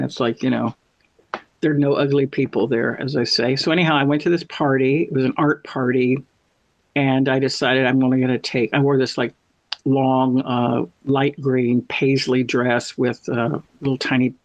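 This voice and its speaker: This guest speaks in a mid-range voice, recorded dry with a dull lo-fi quality. He chats casually, spinning a wandering anecdote full of self-corrections.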